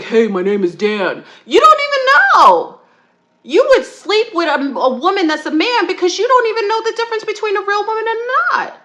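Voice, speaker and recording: Woman host, rant delivery, higher voice with a bright, forceful edge, rambling and fired up. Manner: heated, rambling rant with repeated restarts; swings into high-pitched outbursts and laughs. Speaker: podcast co-host. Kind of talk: ranting monologue.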